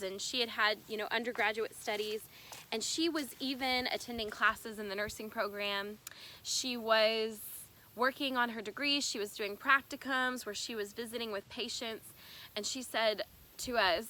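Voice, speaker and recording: A young woman giving a personal testimony in an earnest, halting, emotional way. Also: fairly high pitch, bright, forceful tone, a little hiss or hum. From United States. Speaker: bereaved sister telling her story.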